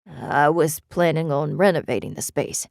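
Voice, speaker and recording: Brief: kindly shopkeeper man, hesitant and apologetic, low-ish voice, read by a woman narrator. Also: lively intonation, moderate pace, creaky, no echo, clean studio sound. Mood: reluctant. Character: reluctant middle-aged male shop owner, kindly. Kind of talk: audiobook character reading.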